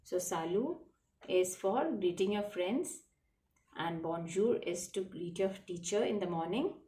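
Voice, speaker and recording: A woman speaks slowly and patiently, walking children through a lesson and spelling words out letter by letter. Her voice sits back from the microphone in a roomy, echoing space, with a middle pitch. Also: animated, warm tone, recorded from a distance. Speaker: teacher. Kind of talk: slow classroom lesson explaining French words. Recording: roomy echo, voice from away from the mic.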